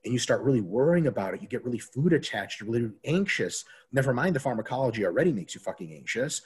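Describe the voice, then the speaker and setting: A man with a mid-range, breathy-edged voice talks fast in a casual podcast chat as a diet coach. He swears freely and tells animated stories, acting out the voices of the people he quotes.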